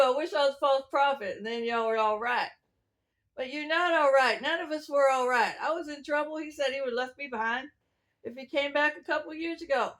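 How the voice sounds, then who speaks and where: A woman with a high voice talks her way through a rambling religious testimony. She preaches in loose, wandering turns and chuckles between thoughts. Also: fairly bright tone. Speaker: self-styled prophet.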